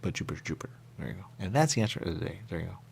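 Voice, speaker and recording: A man doing a rambling gravelly dead man's ghost. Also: low voice, animated, racing, a little mellow, slight background noise, full character voice. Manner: rambling, repetitive, drifting into whispers. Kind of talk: improvised comedy monologue.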